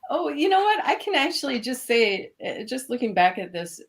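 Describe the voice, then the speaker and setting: A woman's voice: on the high side, big pitch swings, moderate pace. A woman with a Minnesota accent, a guest in a casual live-stream interview, chatty and laughing often. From Minnesota, USA. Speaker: interview guest, course alumna.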